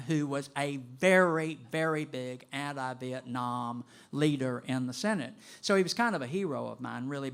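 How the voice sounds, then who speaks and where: Lively older man telling a story. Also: on the high side, vocal fry. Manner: animated and conversational, with vocal sound effects. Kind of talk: live personal storytelling to an audience.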